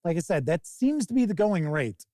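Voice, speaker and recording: A man's voice: sits high, normal speed, dry recording, clean studio sound. Rambling, profane man hosting a live stream. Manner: rambling, profane, animated mock quotes. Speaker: host. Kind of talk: casual live-stream talk.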